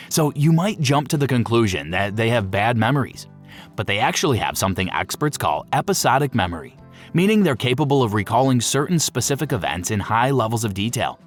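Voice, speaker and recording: A man narrates in a playful, lively explainer voice. His pitch moves all over the place as he talks. Faint music plays underneath. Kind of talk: scripted narration.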